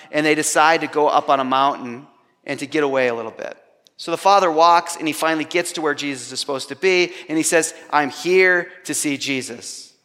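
Male preacher, earnest storytelling with humor; a touch high-pitched, in a big echoing hall. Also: fairly bright tone. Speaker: pastor. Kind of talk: sermon.

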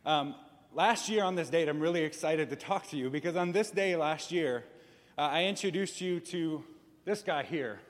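A man's voice: a little high, normal speed. A man speaking as a pastor to his church, playful and acting out little voices to make his points. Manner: playful, acts out voices for effect. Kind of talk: church announcement talk. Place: church sanctuary. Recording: long reverb in a large room.

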